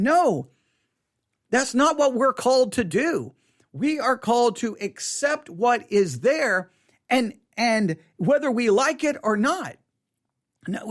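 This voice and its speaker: A pastor giving an animated teaching talk to camera. The pastor stresses key words, repeats phrases and slips into quick mock quotes. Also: medium pitch.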